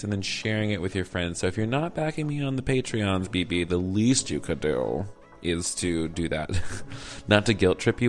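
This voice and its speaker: Deep-voiced Southern man hosting a podcast. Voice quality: playful, campy, chatty. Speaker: podcast host. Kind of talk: casual podcast chat.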